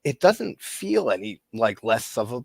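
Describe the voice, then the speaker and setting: A man's voice: mid-range voice, big pitch swings, measured pace, creaky, a little mellow, no echo. A man hosting a live-stream interview, asking long, rambling questions like an eager fan. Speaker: host.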